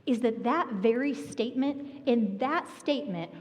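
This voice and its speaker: A woman pastor preaching a sermon, telling a personal story with animated energy and laughter. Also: a little high, moderate pace. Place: church sanctuary. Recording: long reverb of a church hall.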